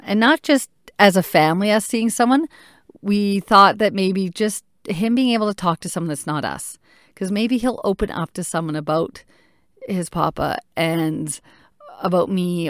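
A woman in her thirties talks openly about family life, pausing often to think aloud. Her voice sits low and even, and the recording is close and dry with no room sound. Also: dry recording. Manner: candid, reflective, thinking aloud with pauses. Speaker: mother. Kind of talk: personal talk to camera.

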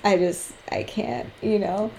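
Podcast co-host, woman, young adult. Frank, profane storyteller, mellow tone, echoey room. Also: medium pitch, steady tone, slow pace, gravelly, a little hiss or hum. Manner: candid storytelling, swears freely, acts out quotes. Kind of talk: casual chat.

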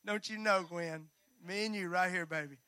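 A high-voiced man preaches a sermon, bright and forceful in tone. He swings from loud rallying calls down to hushed, near-whispered lines, dropping folksy jokes to his congregation. The sound is close and dry. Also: moderate pace, no room sound. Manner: folksy, joking asides to the congregation. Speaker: pastor.

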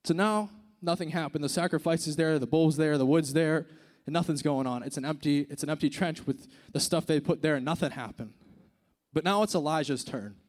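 A man delivers a sermon in a relaxed, conversational way, his voice sitting fairly high. He drops low and quiet for dramatic moments, then climbs into emphatic bursts. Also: fairly quick. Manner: conversational, swings from hushed to emphatic.

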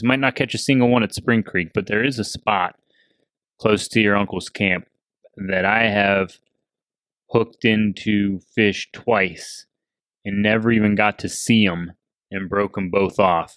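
A man's voice: lowish voice, measured pace, dry recording, studio quality. A man hosting a casual podcast, telling a fishing story with lots of laughs. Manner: laughing storyteller, animated retelling. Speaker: podcast host. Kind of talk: casual chat.

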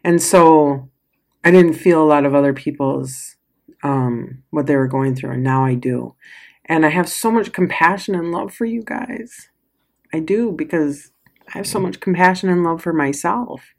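A woman's voice: low-pitched, measured pace, gravelly, darkish tone. A middle-aged woman giving a casual motivational talk as a coach, emotional, sighing and laughing often. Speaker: coach or healer with clients.

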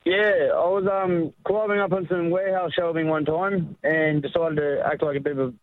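A man's voice: fairly high pitch, steady tone, normal speed. A man caller with an Australian accent telling a self-mocking story. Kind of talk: phone-in anecdote. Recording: tinny phone line.

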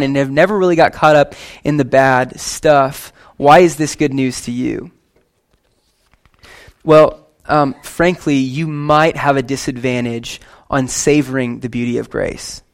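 A young man preaching a sermon to his church in a lively, conversational way, with quick asides and casual slang. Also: fairly high pitch. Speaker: pastor.

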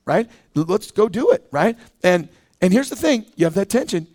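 A middle-aged man delivers a sermon from a church pulpit, his voice pitched high for a man. He talks in an animated, conversational way and slips into quick voices to act out the people in his stories. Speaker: pastor.

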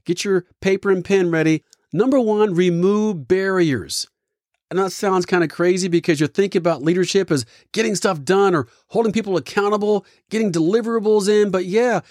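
A man hosting a motivational leadership talk, telling stories in a punchy, energetic way. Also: high-pitched, no echo, clean studio sound. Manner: energetic, punchy storytelling with acted quotes. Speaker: leadership podcast host.

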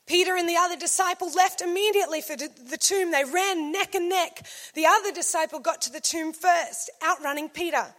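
A woman preaching a sermon, swinging from loud emphasis to hushed scripture reading. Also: very high-pitched, a little fast.

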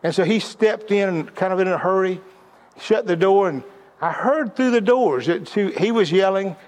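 A man's voice: sits high, normal speed, darkish tone. A middle-aged man giving sermon-style leadership teaching, telling stories and often repeating words as he restarts his sentences.

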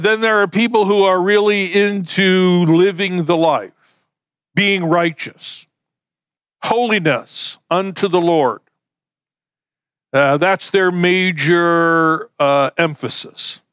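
A man's voice: high-pitched, a bit bright, smooth, no echo. A man preaching a sermon in a conversational, folksy way, using homespun illustrations. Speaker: pastor.

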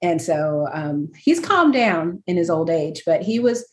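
A woman's voice: fairly low pitch, big pitch swings, unhurried, reverberant. A woman chatting casually as a guest, self-deprecating and laughing often as she talks. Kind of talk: casual chat.

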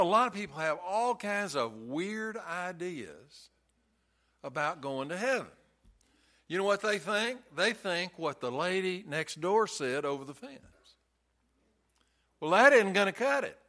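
Slow bright-voiced folksy preacher man. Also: sits high. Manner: folksy storytelling preacher with emphatic repetition. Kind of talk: sermon.

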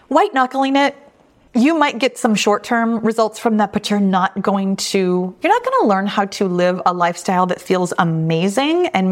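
A woman's voice: medium pitch, expressive, a little slow. A middle-aged woman hosting a weight loss podcast, answering listener questions in a reassuring, conversational way. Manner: warm, reassuring, conversational with frequent restatements.

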